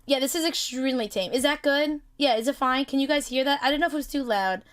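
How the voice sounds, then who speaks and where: High-voiced excitable woman streamer. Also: fast. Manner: excitable, laughing often, swearing in mock outrage. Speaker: streamer hosting a chat with creators. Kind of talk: casual live stream chat.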